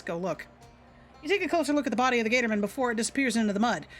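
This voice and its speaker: A woman's voice: on the high side, animated, very fast, faint music behind. A woman streaming a game live, reading its text aloud and chatting casually, stumbling over words.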